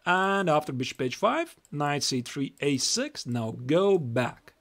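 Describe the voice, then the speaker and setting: A man's voice: a little high, very animated, slow, fairly bright tone. A young Latvian man with a Latvian accent giving a chatty live-stream chess lesson, reading moves aloud and repeating himself.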